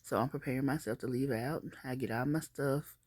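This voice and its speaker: A woman telling a personal story in a casual, animated and emphatic vlog style. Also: very deep voice, brisk, husky, dry recording, studio quality.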